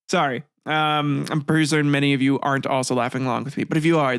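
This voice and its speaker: A man's voice: mid-range voice, fairly even intonation, moderate pace, gravelly, pauses often, a bit bright, no room sound, studio quality. A man hosting a comedic history podcast, reading old text aloud and breaking off into rambling, swearing asides with frequent laughter. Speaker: podcast host.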